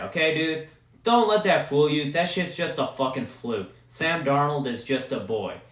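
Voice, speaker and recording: A man's voice: on the high side, fairly bright tone. A man from Wisconsin hosting a solo podcast, ranting about football with heavy profanity. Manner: profane, heated sports ranting. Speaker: podcast host. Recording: roomy echo.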